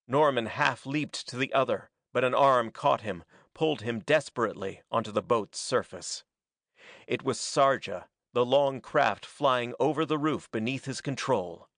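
A man reading a pulp adventure story aloud as a dramatic, steady narrator. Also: mid-range voice, a little slow, dry recording, studio quality. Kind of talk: scripted audiobook narration.

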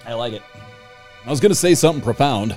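A man's voice: medium pitch, expressive, fast talker, darkish tone. A man hosting a podcast, telling stories and ranting in crude, joking banter. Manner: profane, ranting, jokey. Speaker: podcast host. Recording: faint music bed behind.

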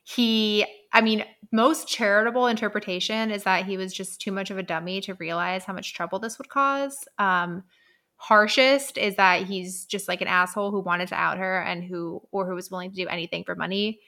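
A woman's voice: medium pitch, moderate pace, pushed and bright. A woman co-hosting a podcast, casually and sarcastically recapping a book's plot. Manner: chatty and sarcastic, laughs often. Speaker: podcast co-host. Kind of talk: casual book recap chat.

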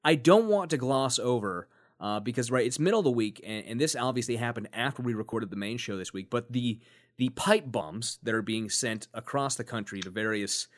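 A man's voice: medium pitch, brisk. A man co-hosting a podcast in a casual, joking chat, thinking aloud with fillers as he goes. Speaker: podcast co-host.

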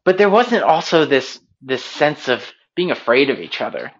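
A man telling stories and reflecting in a relaxed conversation, animated when recounting and measured when he muses. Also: fairly high pitch, highs cut off.

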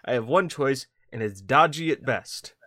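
An American man chatting on a gaming podcast, rambling and animated, swearing often and slipping into joke voices. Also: mid-range voice, moderate pace, no echo. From United States. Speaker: podcast host. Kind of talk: casual chat.

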